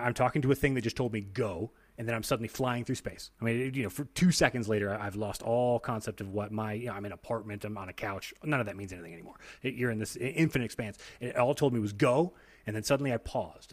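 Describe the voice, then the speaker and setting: A young man chatting casually on a podcast, telling stories with animation and dropping low and hushed at the intense moments.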